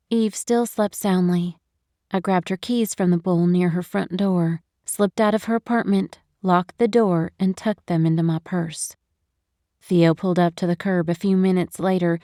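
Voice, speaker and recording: Expressive female audiobook narrator. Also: mid-range voice, no echo, studio quality. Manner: expressive, measured storytelling. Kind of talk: scripted first-person narration. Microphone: studio microphone, close.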